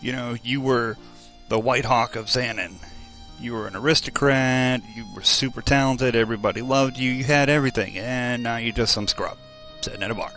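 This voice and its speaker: A man's voice: medium pitch, steady tone, brisk, a bit bright, soft background music, close to an everyday voice. A man voicing a brash, drunken young soldier who taunts a man at a bar, in a mocking way, while playing a role-playing video game.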